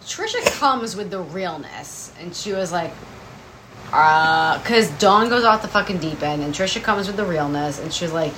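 Animated young woman with lively pitch. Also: moderate pace, a little hiss or hum, poor audio. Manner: animated, jumps into character voices, swears. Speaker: podcast co-host. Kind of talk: casual profane book recap chat.

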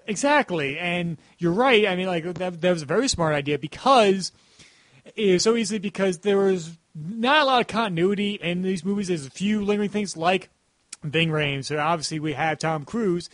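A man's voice: sits high, moderate pace, fairly bright tone, no room sound. A man hosting a casual podcast chat, rambling with many "like" fillers. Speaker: podcast host.

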